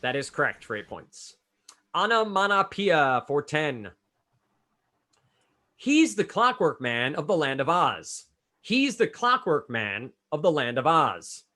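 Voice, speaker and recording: Male quiz host, slightly high, very animated delivery, brisk and chatty. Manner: brisk, chatty, calls on players by name. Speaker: trivia quizmaster. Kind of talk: reading trivia clues and scoring answers.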